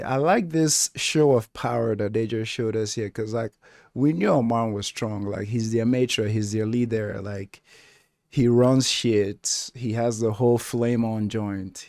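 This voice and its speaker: A man's voice: fairly low pitch, darkish tone, no room sound, clean studio sound. A man giving casual reaction commentary on a TV show, rambling in a laid-back way with many filler words. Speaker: reaction video host.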